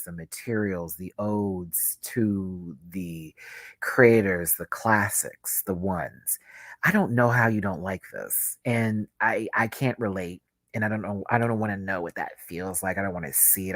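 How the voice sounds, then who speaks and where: A man's voice: on the low side, sharp tone, no echo. A man giving a casual livestream album review, gushing and emotional, close to tears at times. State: tearful. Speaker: music reviewer.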